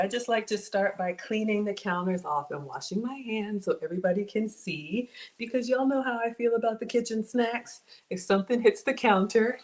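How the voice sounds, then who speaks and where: Bubbly woman hosting a cooking livestream. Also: mid-range voice. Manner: bubbly, laughs often, reads viewer comments aloud. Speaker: home cook livestream host. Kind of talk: casual cooking livestream chat.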